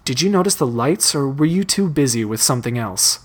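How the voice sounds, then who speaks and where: A man voicing a calm, businesslike young woman leader in a read-aloud story. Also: mid-range voice, brisk, close to an everyday voice. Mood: serious.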